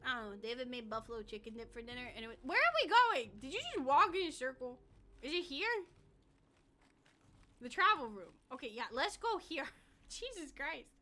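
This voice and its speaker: High, lively woman streamer. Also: normal speed. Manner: chatty, giggly, joking. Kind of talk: casual gaming commentary.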